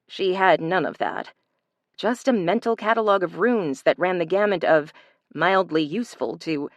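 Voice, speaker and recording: A woman narrating a thriller audiobook in an even, measured reading style. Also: lowish voice, no room sound, clean studio sound. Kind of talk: scripted narration.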